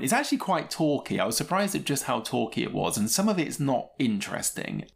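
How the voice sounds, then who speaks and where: A man's voice: mid-range voice, very animated, a little fast, vocal fry. A man co-hosting a podcast, giving chatty, opinionated film reviews and laughing often. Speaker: podcast co-host. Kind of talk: casual film review chat.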